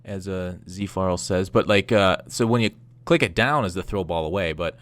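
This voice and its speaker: Lowish chill guy co-hosting, reads patch notes out. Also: normal speed, a bit bright. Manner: easygoing, asks questions, reads notes aloud. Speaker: podcast co-host. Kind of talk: casual podcast chat.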